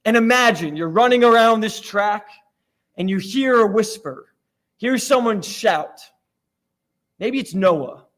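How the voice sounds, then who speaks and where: A man's voice: high voice, expressive, measured pace, pauses often, fairly bright tone. A man from Florida preaching a sermon in a church, telling stories in a conversational, self-deprecating way. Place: church sanctuary.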